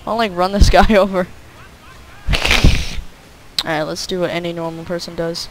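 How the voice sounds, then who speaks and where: A man's voice: high voice, fairly even intonation, moderate pace, long pauses. A young man giving rambling, jokey commentary over a game he is playing, with "like" in nearly every sentence. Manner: rambling, jokey, says "like" a lot. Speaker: gameplay commentator. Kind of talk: casual gameplay commentary. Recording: faint hiss.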